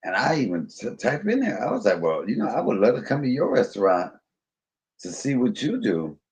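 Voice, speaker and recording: A man's voice: mid-range voice, big pitch swings, fairly quick, a little mellow. A man hosting a live stream, chatting casually and musing aloud while he looks up videos. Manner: musing, chatty, filler-heavy. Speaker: stream host.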